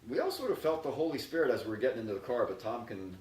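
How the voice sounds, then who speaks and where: A man's voice: mid-range voice, big pitch swings, rapid-fire, darkish tone, far from the mic. A man, co-host of a video, chatting casually and easily to the camera. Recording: echoey room, mic set back, faint noise.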